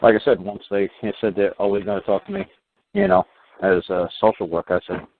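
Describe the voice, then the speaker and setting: Deep-voiced man on a tinny line. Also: sing-song, fairly quick, gravelly, a crowd in the background. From United States. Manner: rambling and emphatic, many "you know"s and restarts. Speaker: talk show host explaining his legal views. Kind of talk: casual explanatory talk with a caller. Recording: phone-like line with faint hiss.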